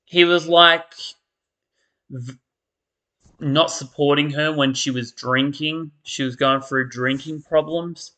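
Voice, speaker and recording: A man's voice: on the high side, fairly even intonation, slow pace, pauses often, pushed and bright. A man, perhaps, ranting in casual commentary, tired and exasperated, with mocking impressions of characters. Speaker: soap opera commentator.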